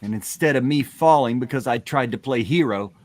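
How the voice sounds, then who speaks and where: Reading a comic aloud, a man playfully voices a boastful young hero. His voice is medium-pitched and a little quick, with no echo.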